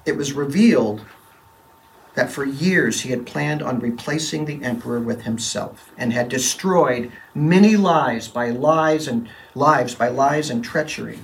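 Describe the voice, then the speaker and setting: A man's voice: medium pitch, unhurried, gravelly, far from the mic, low-quality recording. A man playing a troubled, defensive middle-aged Roman governor in a first-person dramatic monologue, telling his story in a brooding, confessional way with emphatic quoted lines.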